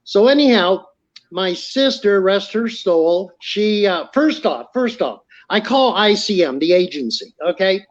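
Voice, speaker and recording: A middle-aged man appears as a podcast guest, casually telling stories and animatedly acting out the voices of the people he quotes. His voice sits high, his pace is measured, and the audio sounds dull.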